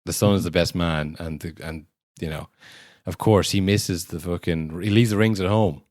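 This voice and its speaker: Deep-voiced man, wry podcast co-host. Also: fairly even intonation, moderate pace, a little mellow, no room sound, clean studio sound. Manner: wry, rambling, swears casually. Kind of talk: casual film review chat.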